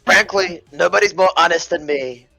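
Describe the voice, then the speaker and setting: A man's voice: high voice, normal speed, vocal fry. A slightly drunk man doing an impression of a boastful male politician, over-emphatic and repetitive. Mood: bragging. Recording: music playing faintly behind.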